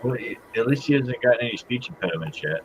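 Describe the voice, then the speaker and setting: A man's voice: medium pitch, animated, fast, background noise. A man co-hosting a casual live stream, teasing the others and laughing at his own stories. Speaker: co-host.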